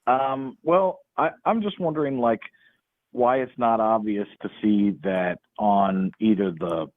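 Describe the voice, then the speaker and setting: A man's voice: lowish voice, a little slow, no echo. A man calling in to a live show, hesitant and earnest with many ums. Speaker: caller. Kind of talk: phone call-in. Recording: tinny phone line.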